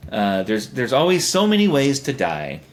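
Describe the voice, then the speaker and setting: A man's voice: medium pitch, huge pitch swings, moderate pace. A young man co-hosting a podcast, chatting casually and rambling through jokey ideas. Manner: rambling, jokey, puts on silly voices. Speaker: podcast co-host. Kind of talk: casual chat.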